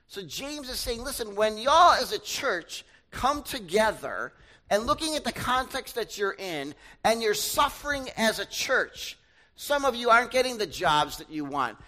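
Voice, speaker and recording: A young man, a pastor, preaches a sermon in an extremely high voice over poor audio. He talks with the congregation conversationally, asking them questions and acting out loud, shouted voices and asides.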